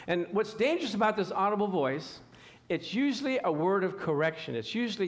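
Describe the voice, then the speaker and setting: Man, preacher, sermon, fairly high voice, animated, acts out scripture scenes. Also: moderate pace.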